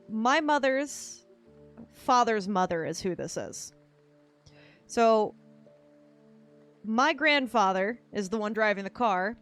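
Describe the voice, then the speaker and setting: A woman streaming a game, telling a family story in a casual, rambling way and laughing often. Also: medium pitch.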